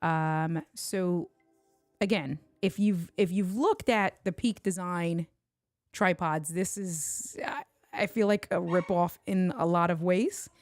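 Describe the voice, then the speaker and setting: A woman's voice: fairly low pitch, slow pace, a little mellow, no echo, studio quality, faint music behind. A woman from Puerto Rico hosting a casual livestream unboxing at home, chatting and bantering with viewers in the chat. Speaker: tech livestream host.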